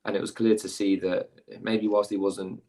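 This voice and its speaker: A British man with a very low, flat voice gives careful, hedging analysis. He is methodical and weighs both sides. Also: moderate pace. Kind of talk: measured casual analysis.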